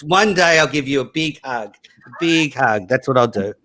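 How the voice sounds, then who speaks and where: A man's voice: mid-range voice, animated, moderate pace, sharp tone. A male guest in casual chat, defending himself with lots of fillers and hesitations.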